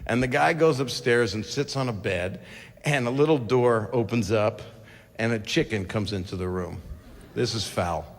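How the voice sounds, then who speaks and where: Crude rambling stand-up comic in a hall. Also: male voice, fairly low pitch, moderate pace, a little hiss or hum. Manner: crude, digressive, self-interrupting asides. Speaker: stand-up comedian. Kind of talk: stand-up routine, rambling storytelling. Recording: reverberant hall with crowd ambience.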